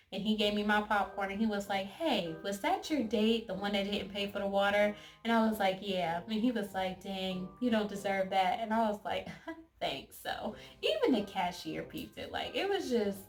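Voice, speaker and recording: Young woman, mid-pitched voice, chatty animated storyteller talking to camera over faint music. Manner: chatty and animated, quotes others in lively asides. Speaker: storytime vlogger.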